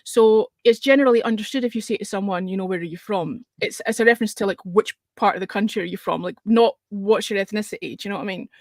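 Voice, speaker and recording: A woman chatting casually on a podcast, tripping into quick restarts. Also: medium pitch, a little mellow, dry recording, studio quality. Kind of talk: casual chat.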